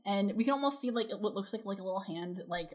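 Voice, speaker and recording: A woman's voice: mid-range voice, lively intonation, quick pace, a little mellow. A woman co-hosting a reaction show, casually recapping scenes with lots of fillers and quoted asides. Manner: chatty, retells scenes with quoted voices, frequent fillers. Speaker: co-host reacting to an anime episode.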